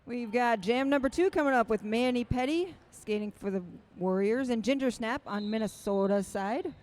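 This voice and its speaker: Brisk woman roller derby announcer. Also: fairly high pitch, a little mellow. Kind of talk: live sports commentary.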